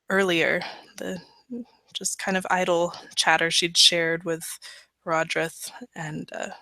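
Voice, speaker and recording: A woman playing a tabletop game, describing her character's actions in a measured, descriptive way. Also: lowish voice, bright, forceful tone, no echo, poor audio. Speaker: player.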